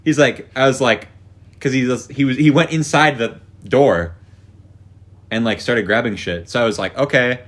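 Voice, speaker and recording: A man's voice: on the low side, fairly bright tone. A young man co-hosting a podcast, rambling through a story in casual chat, swearing and acting out what people said. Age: young adult. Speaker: podcast co-host.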